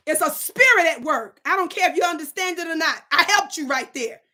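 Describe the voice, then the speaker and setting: High, bright, emphatic woman host. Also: animated, fairly quick. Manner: emphatic, preacher-like, scolds the chat. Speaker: online show host. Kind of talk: livestream commentary to a chat.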